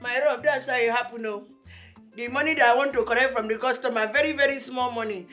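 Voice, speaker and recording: A woman's voice: a little high, steady tone, fast, loud music behind the voice, close to an everyday voice. An actress playing a stressed woman trader in debt, speaking with a Nigerian accent and complaining wearily. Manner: complaining, weary, sighing.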